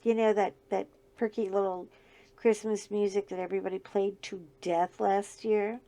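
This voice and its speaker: This crafting channel host, a middle-aged woman, talks through her diamond painting in a relaxed chat punctuated by frequent laughter. She speaks at normal speed with a flat delivery, and her scratchy, mid-range voice has a mellow quality.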